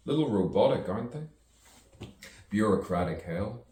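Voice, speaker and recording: A man's voice: low voice, big pitch swings, takes it slowly, long pauses, mellow, reverberant, far from the mic. A man, a self-styled poet, delivering a rambling stream-of-consciousness monologue full of wordplay and rhymes, chuckling to himself as he goes.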